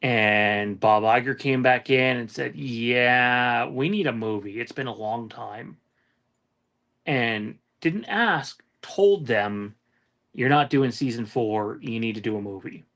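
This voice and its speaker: A man hosting a podcast in casual chat, blunt and swearing as he lays out his arguments point by point. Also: medium pitch. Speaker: podcast host.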